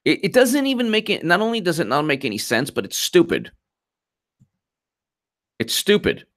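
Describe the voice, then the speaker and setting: A man hosting a live political commentary stream, talking fast and animated, repeating himself and mocking opponents. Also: on the high side. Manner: animated, repetitive, mocking quoted voices.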